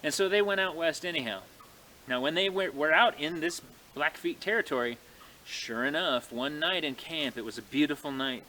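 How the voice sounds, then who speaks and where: A man telling a frontier tale in a folksy, animated way, speaking to his audience outdoors in snowy woods. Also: a little high, moderate pace, a little hiss or hum. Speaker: living history storyteller. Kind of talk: folksy oral storytelling.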